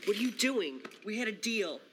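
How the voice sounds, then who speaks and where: A woman's voice: medium pitch, animated, moderate pace, close to an everyday voice. An actress playing a cold, secretive woman in a TV horror drama, speaking in a cool, curt way. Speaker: actress in a horror anthology episode. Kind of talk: TV drama acting. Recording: distant, noisy TV clip.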